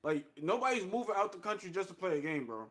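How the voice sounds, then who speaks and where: A man's voice: sits high, sing-song, quick pace, a bit bright. A man co-hosting a gaming podcast, emphatic and repeating his points. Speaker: podcast co-host. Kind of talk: casual chat.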